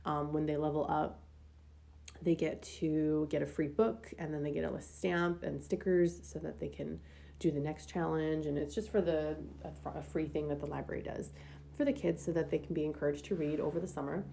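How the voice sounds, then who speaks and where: A young woman chats through her weekly planner layout in an easygoing, rambling way, stopping often for ums and likes. Her voice sits low and sounds dark, with a gravelly edge. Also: steady tone, moderate pace. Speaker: planner vlogger. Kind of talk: casual planner decorating voice-over.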